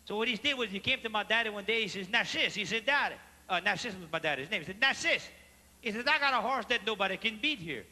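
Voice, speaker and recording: A man with a Cajun accent telling comic stories on stage, animated and mixing in French phrases as he asks the audience questions. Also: high-pitched, quick pace. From Louisiana. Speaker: stand-up comedian. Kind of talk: live stand-up storytelling. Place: large theater stage before a live audience. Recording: live theater recording with hall reverb and faint ambience.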